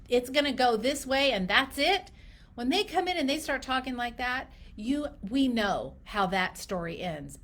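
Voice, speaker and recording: A woman coaches clinicians on their practice, speaking straight to the listener. Her voice sits fairly high, and her delivery is emphatic and animated. She often drops into quick acted snippets of patient talk. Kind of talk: direct-to-camera business coaching.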